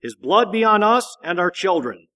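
A man voicing a group of insistent male accusers in a firm, steady Bible reading. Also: high-pitched, moderate pace, full character voice.

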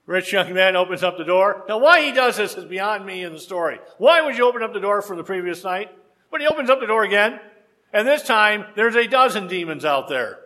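A man preaching a sermon, telling a story with rhetorical questions and dramatic pauses. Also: high-pitched, animated, pushed and bright.

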